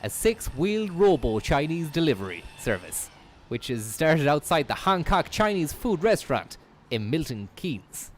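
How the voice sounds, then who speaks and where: A man's voice: on the high side, big pitch swings, normal speed, few pauses. A man doing rambling, profane live stream commentary, slipping into a mock announcer voice as he riffs.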